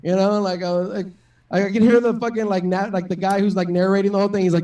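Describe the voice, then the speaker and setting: A man's voice: high voice, flat delivery, quick pace, mellow, recorded from a distance. A man doing a stand-up comedy set, rambling and profane, full of fillers and self-deprecating jokes. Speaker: stand-up comic.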